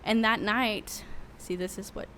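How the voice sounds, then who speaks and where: A woman's voice: medium pitch, fairly even intonation, a little slow, pushed and bright, a little hiss or hum. A young adult woman, a worship leader who is a podcast guest, telling a candid, emotional story with many fillers in a casual interview.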